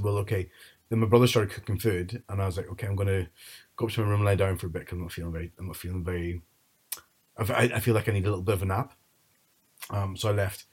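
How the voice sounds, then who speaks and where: A husky, fairly low-voiced man. He chats casually and rambles through family stories, acting out what his relatives said. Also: darkish tone. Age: 30s. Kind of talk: casual chat.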